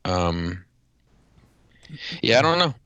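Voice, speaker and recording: Male podcast co-host, 30s, low bright tone, loose rambling storyteller, dry studio sound. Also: sing-song, slow pace, clean tone, no room sound, highs cut off. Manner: rambling storyteller, swears freely. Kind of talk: casual chat.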